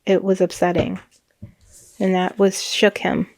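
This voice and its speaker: A woman's voice: lowish voice, monotone, a little slow, a little mellow, no room sound. A woman, a psychic reader, casually recounting a reading in a chatty, rambling way with frequent laughs and restarts.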